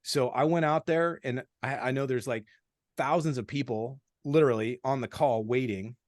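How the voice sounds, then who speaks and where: A man in his forties, a podcast guest, telling stories in a blunt, animated way with plenty of swearing. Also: mid-range voice, moderate pace, no room sound, studio quality. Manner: blunt, profane, animated storytelling. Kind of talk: casual storytelling.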